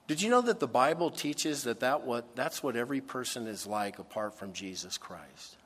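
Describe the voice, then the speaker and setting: A man preaching a sermon, earnest and emphatic, with dramatic pauses on key words. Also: medium pitch, expressive, fairly bright tone. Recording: long reverb of a large hall.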